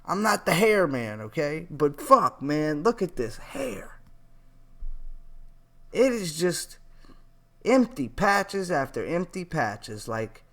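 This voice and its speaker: A man's voice: a little high, very animated, slow, pauses often, fairly bright tone. A man riffs through casual reaction commentary, cursing and sounding openly incredulous. His voice swings widely up and down as he rambles from one aside to the next. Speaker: vlogger reacting to a TV clip.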